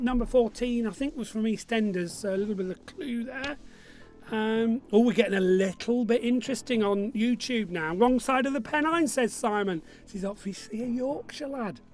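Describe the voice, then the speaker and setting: A man runs a live-streamed pub quiz. He talks in a light, high voice. He chats and jokes with his viewers and reads out their messages as they come in. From Burnley, Lancashire, England. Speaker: quiz host.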